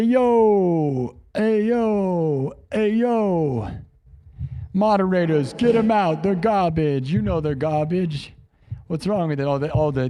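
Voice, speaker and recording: Man, livestream host, joking rants, rambling, fairly high voice, long reverb. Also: warm tone. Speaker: livestream host and improvising musician. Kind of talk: rambling comedic livestream chat.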